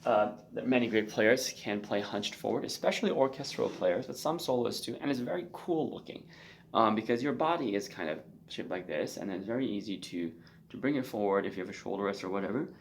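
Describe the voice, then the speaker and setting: A man giving a spoken violin lesson, loose and conversational, often checking in with a quick "okay?". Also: fairly low pitch, animated, gravelly, a little hiss or hum. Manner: loose and conversational, frequent ums and check-in okays. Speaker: violin teacher. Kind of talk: spoken instruction with demonstration.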